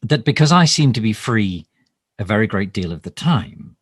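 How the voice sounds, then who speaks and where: With a fairly low, slightly rough voice, lively intonation, and normal speed, a man improvises a mock live stream as a pompous government minister. The self-important, overly formal character rambles and stammers with ums and restarts. The studio-quality sound has no room noise.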